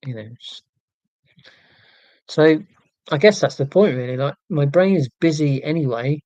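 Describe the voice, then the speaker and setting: Forties male livestream host, warm and relaxed, casual meandering chat with viewers, wry asides. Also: a little high, a little slow, dry recording, dull audio. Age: 40s. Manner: rambling, wry and self-mocking, with many fillers and restarts.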